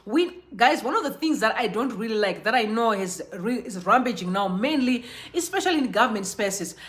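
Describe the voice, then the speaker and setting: A young woman from Zimbabwe hosts a live stream with a high, bright and crisp voice. She chats in a bubbly, animated way, greeting viewers one after another. Her tone is casual and friendly. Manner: bubbly, chatty, shouts out viewers by name. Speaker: livestream host. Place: Johannesburg.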